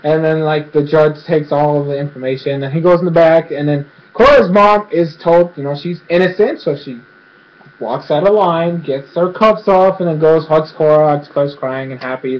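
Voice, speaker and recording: Rambling, fairly high-voiced man recapping. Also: moderate pace, highs cut off. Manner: rambling, filler-heavy, acts out quotes. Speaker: cartoon episode reviewer. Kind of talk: casual recap review.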